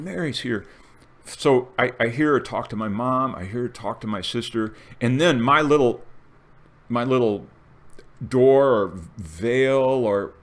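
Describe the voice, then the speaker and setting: An older man in a casual, rambling monologue, telling a dream story with restarts and animated bursts. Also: medium pitch. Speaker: video essayist.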